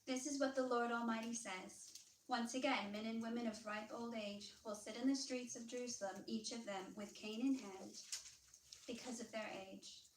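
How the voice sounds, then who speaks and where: A woman with a Southern American accent reads scripture in a measured, formal way. Her fairly high voice comes from a distance and echoes through a church room, over a faint hiss. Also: fairly even intonation. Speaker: scripture reader. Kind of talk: reading scripture aloud.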